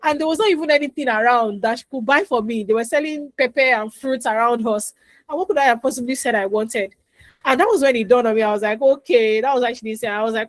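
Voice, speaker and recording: Brief: woman, higher-pitched voice recorded dry, talks parents through advice with anecdotes. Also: fast talker, no echo. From Nigeria. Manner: chatty, repeats advice, acts out dialogue. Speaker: parenting coach. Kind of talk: instructional talk with anecdotes.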